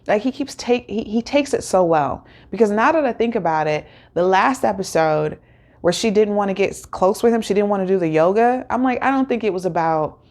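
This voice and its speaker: A woman's voice: medium pitch, lively intonation, a little fast, a little mellow. A woman hosting a casual episode recap, rambling and chatty with many fillers and restarts. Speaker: host.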